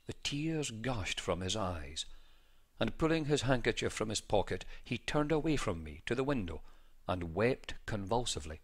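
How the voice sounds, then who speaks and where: A man reading an old first-person account aloud in a measured, formal, preaching manner. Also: lowish voice, big pitch swings, breathy edge. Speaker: reader.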